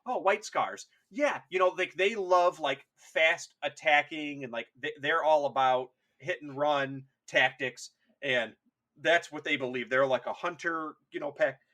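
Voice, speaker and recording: A man's voice: fairly high pitch, measured pace, sharp tone. A man co-hosting a podcast in casual comedic chat, rambling and swearing, often slipping into silly voices. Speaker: podcast co-host.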